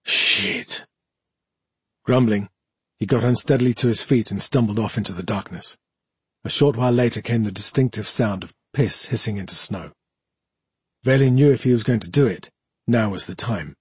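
A man narrating an audiobook in a measured, steady storytelling manner. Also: on the low side, breathy edge, no room sound.

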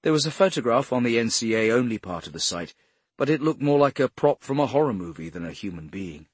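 A man narrating a crime novel as an audiobook in a measured, expressive way. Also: medium pitch, no echo. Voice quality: husky.

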